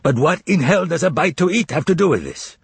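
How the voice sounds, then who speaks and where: A man's voice: a little high, animated, a little fast, creaky, breathy edge, no room sound, voice pushed up, full character voice. A man doing a rude, suspicious portly official. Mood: indignant. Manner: blustering, indignant, demanding. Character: rude, suspicious portly middle-aged male housing chairman.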